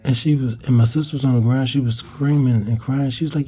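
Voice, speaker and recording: A man recounts a memory in a loose, rambling vlog style. His voice is deeply mellow and dark in tone, at a middling pitch. He trips over his words and jumps his pitch up when acting out what others said. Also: fairly even intonation, fast. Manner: rambling, with restarts and cursing; acts out quoted voices higher in pitch. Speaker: vlogger telling a childhood story. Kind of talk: casual storytelling.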